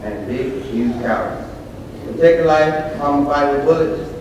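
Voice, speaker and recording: A man's voice: on the high side, normal speed, darkish tone. A teenage boy reciting a spoken word poem at a slam in an earnest, declamatory way. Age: teens. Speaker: student slam poet. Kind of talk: spoken word poetry performance. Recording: echoey hall from far off with noise.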